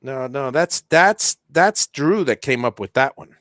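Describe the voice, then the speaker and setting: A man's voice: mid-range voice, lively intonation, a little slow, a bit bright, no echo, clean studio sound. A man hosting a casual livestream, chatting while he solders, with many restarts and fillers. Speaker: livestream host.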